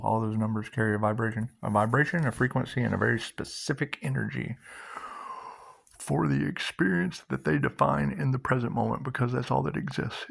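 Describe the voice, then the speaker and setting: A man hosting a loose, repetitive spiritual monologue, laughing often and swearing, sometimes dropping to a hushed guiding tone. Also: mid-range voice, vocal fry. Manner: drops to a hushed guiding tone for meditation cues. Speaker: spiritual video host.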